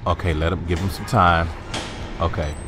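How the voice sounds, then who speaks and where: A young man playing a horror game, swearing, talking to the character he controls and yelling high when scared. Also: fairly even intonation, moderate pace, noisy background. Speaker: gamer. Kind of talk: horror game let's play commentary.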